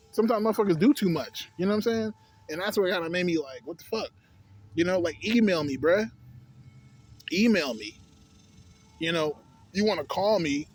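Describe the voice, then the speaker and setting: A young adult man telling a story in a casual, profane rant, exasperated and breaking into laughter between complaints. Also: sits high.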